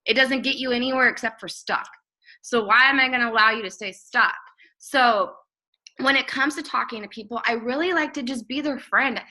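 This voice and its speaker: A woman's voice: on the high side, normal speed, sharp tone, low-quality recording. A young woman giving a blunt, emphatic live training talk to her viewers, repeating phrases for emphasis. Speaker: network marketing trainer.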